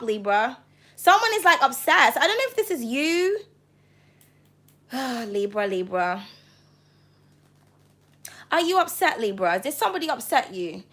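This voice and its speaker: A high-voiced woman runs a tarot reading to camera. She talks with passion and no sugarcoating, swearing freely as she lays out the cards. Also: very animated, unhurried, long pauses, a bit bright. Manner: passionate, blunt and profane. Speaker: tarot reader.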